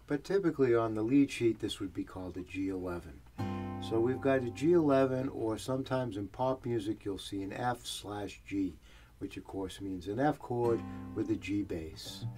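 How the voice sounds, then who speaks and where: Man teaching guitar, guitar playing behind. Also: medium pitch. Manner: relaxed, explanatory, hums melody lines. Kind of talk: guitar lesson, talking while playing.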